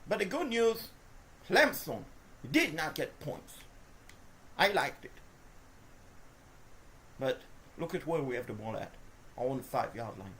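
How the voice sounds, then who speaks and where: Excitable woman gaming commentator. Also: low-pitched, a little slow, long pauses. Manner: excitable, swinging between frustrated groans and shouted cheers; talks to the players and to viewers as folks. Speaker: gaming video host. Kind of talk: live gameplay commentary.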